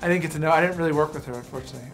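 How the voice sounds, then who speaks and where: A man's voice: a little high, rapid-fire, over music. A man in his thirties, an actor chatting in a casual interview, rambling with many fillers and restarts. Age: 30s. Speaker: actor promoting a film.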